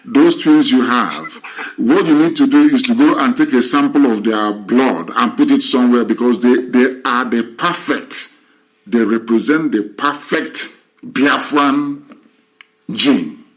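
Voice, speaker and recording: A man's voice: mid-range voice, measured pace. A man hosting a live stream, lecturing his guest and asking rhetorical questions. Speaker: host.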